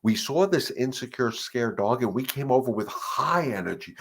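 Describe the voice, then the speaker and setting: A man's voice: mid-range voice, lively intonation, moderate pace, few pauses, husky. A middle-aged man speaks in an everyday mid-range voice. He coaches dog owners during a live session, earnest and emphatic. He drives his points home by repeating them. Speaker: dog trainer hosting a live Q&A. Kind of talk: live-stream advice talk.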